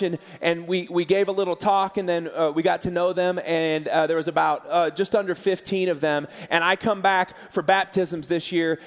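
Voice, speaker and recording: A man preaching a sermon as pastor, telling stories in an animated way and laughing often. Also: sits high. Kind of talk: sermon storytelling. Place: church auditorium. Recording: large hall with live audience.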